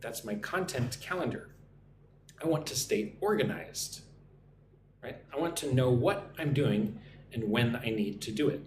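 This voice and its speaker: A man from the United States teaching English on a live stream, explaining words slowly and checking in with "right?" after each point. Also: mid-range voice, roomy sound, a little hiss or hum.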